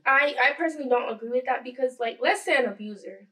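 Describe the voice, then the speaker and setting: A woman's voice: sits high, fast talker, fairly bright tone, recorded from a distance, poor audio. A woman co-hosting a podcast, talking casually and earnestly, with lots of "like" fillers. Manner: heavy use of "like", earnest. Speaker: podcast co-host. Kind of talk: casual chat.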